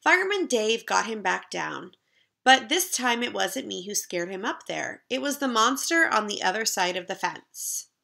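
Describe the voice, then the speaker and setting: A woman teacher reading a chapter book aloud to young children in a slow, expressive storytelling way. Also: medium pitch, creaky.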